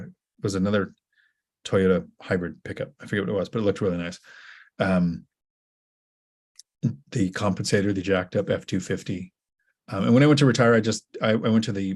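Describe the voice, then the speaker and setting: A man hosting a casual livestream Q&A, talking in a rambling way with halting restarts. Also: lowish voice, darkish tone, breathy edge. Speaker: host.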